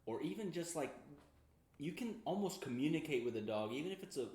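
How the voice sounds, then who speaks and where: A man co-hosting a podcast, reacting and chatting in lively banter. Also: on the high side, a little fast, echoey room. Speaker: podcast co-host. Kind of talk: casual chat.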